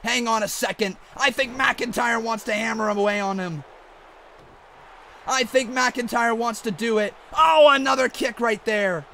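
A man doing mock wrestling play-by-play commentary over a video game, excitable and often shouting. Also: very high voice, moderate pace, gravelly, slight background noise. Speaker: gaming YouTuber.

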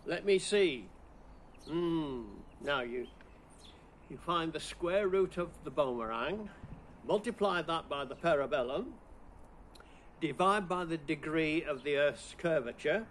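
A man with a fairly high voice who talks slowly and plays at puzzling over each riddle before landing the punchline. He has a teasing, playful way with the jokes. Faint background noise sits under his voice. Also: expressive, fairly bright tone. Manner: playful, answers his own riddles with mock puzzling and chuckles. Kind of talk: playful Christmas riddle routine.

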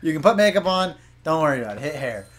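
A man's voice: a little high, very animated, fast talker. A young man doing casual, crude, teasing banter while commenting on a video game. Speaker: let's play commentator.

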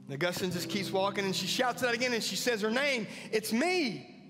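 Brief: male pastor, high voice, earnest sermon, echoing church hall, faint music under. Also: fast. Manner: earnest, rising to emphatic peaks. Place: church sanctuary.

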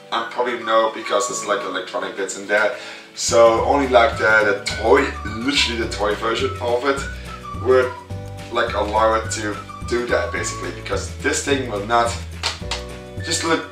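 A man rambling casually through a toy unboxing vlog, chatty and self-mocking, his voice a little hoarse. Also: mid-range voice, normal speed, music in the background. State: slightly hoarse voice. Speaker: vlogger reviewing a toy. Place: room indoors. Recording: echoey room, mic at a distance.

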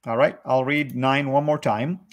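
A man in a livestream discussion, reading scripture aloud in a measured, deliberate way. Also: medium pitch, steady tone. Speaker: co-host and scripture reader.

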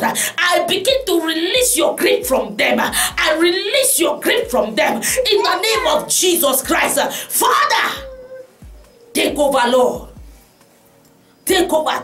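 A woman preaching, then leading an impassioned prayer that rises to shouts, repeating "oh God". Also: very high voice. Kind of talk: sermon and fervent prayer. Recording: echoey room with music behind.

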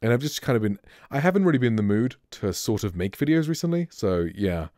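A man's voice: medium pitch, big pitch swings, fast, mellow, no room sound. A man streamer giving a casual, rambling microphone review, speaking close to a studio mic at his home streaming setup. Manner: laid-back, rambling.

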